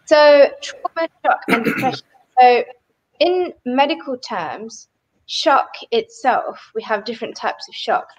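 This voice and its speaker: Higher-voiced woman explaining medical terms. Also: sing-song, measured pace, poor audio. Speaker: guest.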